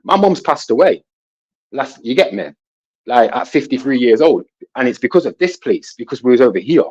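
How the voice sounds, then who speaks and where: A man telling a long personal story in a casual panel talk, rambling and animated, often asking "you know what I'm saying". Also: medium pitch, moderate pace, breathy edge. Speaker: guest. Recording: dull lo-fi sound.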